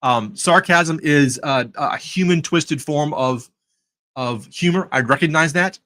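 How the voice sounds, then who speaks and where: A man's voice: on the high side, measured pace, pushed and bright, rough recording. An American man hosting a live talk, telling stories in a sarcastic, conversational way. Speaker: host. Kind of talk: live talk on faith and trading.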